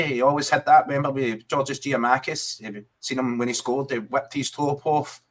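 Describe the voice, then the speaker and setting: A Scottish man talks football in a loose, chatty way, tossing in "mate" as he goes. His voice sits at an ordinary middle pitch. It suits a relaxed podcast chat between fans. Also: moderate pace. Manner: chatty, keeps saying mate. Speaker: podcast co-host.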